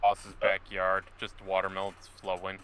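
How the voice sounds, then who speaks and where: A man's voice: low-pitched, monotone, moderate pace, a bit bright, a little hiss or hum. A man on voice chat who teases a friend and keeps asking goofy questions. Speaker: gamer chatting with friends. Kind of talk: casual voice chat.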